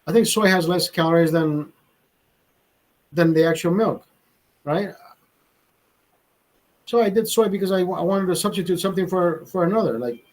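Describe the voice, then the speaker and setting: A man's voice: high voice, moderate pace, long pauses, darkish tone, low-quality recording. A young man telling a rambling, profane story in casual chat, with many restarts. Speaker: vlogger host.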